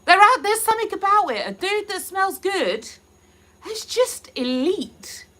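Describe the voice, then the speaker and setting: Giggling as she reads viewer comments on her live stream, a host from Hertfordshire, England, chats casually in a Hertfordshire English accent. Her voice is extremely high and fairly bright, with big pitch swings and an unhurried pace.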